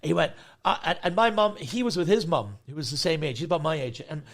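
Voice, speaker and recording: A man's voice: on the high side, quick pace, creaky. A man guesting on a comedy podcast, telling rambling comic stories with many restarts and acting out the people in them. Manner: excitable, restarts sentences, acts out the people in his stories.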